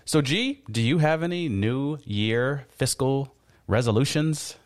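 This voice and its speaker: A man hosting a podcast, upbeat and quick with reactions. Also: mid-range voice, animated, no echo, studio quality. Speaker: podcast host. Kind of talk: casual interview chat.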